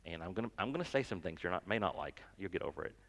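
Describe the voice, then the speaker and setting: A man's voice: sits low, lively intonation, very fast, a bit bright, in a large hall. A pastor giving a sermon in a conversational, joking way, often repeating words as he goes. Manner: conversational, self-deprecating, stammers and repeats words. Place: church sanctuary.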